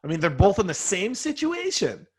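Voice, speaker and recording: Earnest man with a slightly high voice. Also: wildly swooping pitch, moderate pace, husky. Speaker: podcast guest. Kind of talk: casual conversation.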